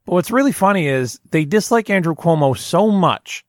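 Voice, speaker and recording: A man's voice: high-pitched, animated, moderate pace, no echo, clean studio sound. A man from Arizona hosting a comedy podcast, rambling in casual chat. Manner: rambling, chatty, frequent restarts. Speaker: podcast host.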